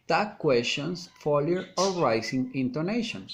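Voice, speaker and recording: Man slowly reading intonation drills. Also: animated. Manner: slow, deliberate, exaggerated rising and falling pitch. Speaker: student. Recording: phone recording with faint background noise.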